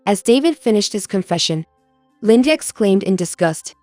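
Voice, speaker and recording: A woman narrates a scripted first-person story in an even, steady manner. Her voice sits at middle pitch. The recording is dry, with faint music underneath. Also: normal speed, dry recording.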